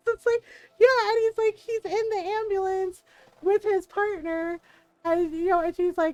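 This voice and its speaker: A woman streamer chatting casually while gaming. She tells an animated story full of "like" and acted-out quotes. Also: very high-pitched, unhurried, no room sound, lo-fi sound, faint music behind.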